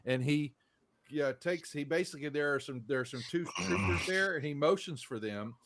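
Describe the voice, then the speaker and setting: A man's voice: fairly high pitch, moderate pace, noisy background. A man, running a tabletop game in loose, rambling narration. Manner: loose, rambling, full of fillers and restarts. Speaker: game master.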